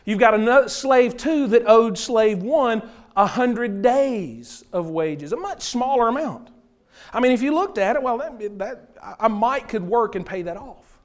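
Brief: earnest male preacher, unusually high pitch, teaching verse by verse. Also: animated, a little slow. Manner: earnest, explaining scripture verse by verse. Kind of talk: sermon.

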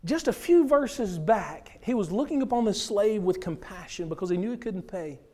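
A man's voice: high voice, lively intonation, normal speed, warm tone. A man preaching a sermon, explaining scripture verse by verse in an earnest way.

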